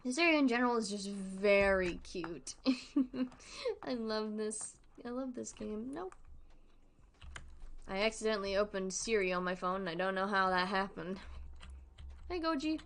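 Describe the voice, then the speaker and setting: A woman's voice: mid-range voice, animated, a little slow, pauses often, fairly bright tone. A 22-year-old woman streaming a game, chatting casually and playfully with frequent giggles. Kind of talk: casual gameplay chat.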